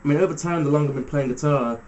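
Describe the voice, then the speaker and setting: A man giving a casual step-by-step guitar lesson, talking through fret numbers in a relaxed way with fillers. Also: a little high, rapid-fire, slight background noise, low-quality recording. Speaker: guitar teacher. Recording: loud guitar music under the voice. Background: electric guitar playing between phrases.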